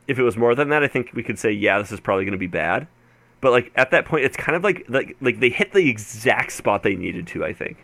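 A man's voice: medium pitch, expressive, brisk, gravelly, few pauses, fairly bright tone, no room sound. A man co-hosting a casual podcast chat, hedging his views and often restarting his sentences. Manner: hesitant, hedging, many restarts. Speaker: podcast co-host. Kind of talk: casual chat about a card game.

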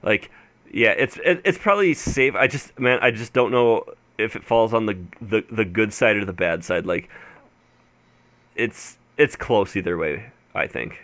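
A man co-hosting a podcast in a slightly low, bright voice, recorded dry and close. He hedges his opinions and stumbles through restarts before landing on a point. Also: measured pace, no room sound. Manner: hesitant, hedging, many restarts. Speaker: podcast co-host. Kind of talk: casual chat about a card game.

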